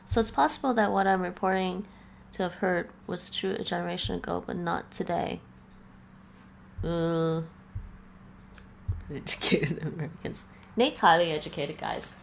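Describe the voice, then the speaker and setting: A woman's voice: on the low side, fairly even intonation, moderate pace, vocal fry, pauses often, a little hiss or hum. A woman streaming a video game, chatting casually with her viewers and laughing often. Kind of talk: casual chat while gaming.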